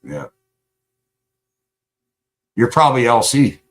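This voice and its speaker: A man's voice: medium pitch, big pitch swings, takes it slowly. Male livestream host, combative and profane, sarcastic edge. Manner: angry, profane, confrontational. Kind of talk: live stream chat rant.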